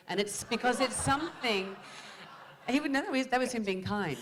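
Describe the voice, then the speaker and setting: A woman's voice: fairly high pitch, animated, normal speed. A woman actor answering panel questions in a reflective way, often restarting and repeating words.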